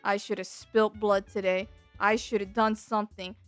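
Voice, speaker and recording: A woman's voice: medium pitch, little pitch movement, moderate pace, no room sound, soft background music, voice pushed down, close to an everyday voice. A woman voicing a sullen, grumpy middle-aged male bus driver who mutters to himself.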